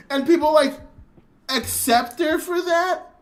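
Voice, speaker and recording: An anime reviewer talks casually on a livestream, with a voice that leaps up and drops down constantly. The delivery rambles, doubles back on itself and is peppered with swearing. It sounds excitable and unpolished. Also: normal speed. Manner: rambling, with many restarts and frequent swearing; excitable, jumps between high and low.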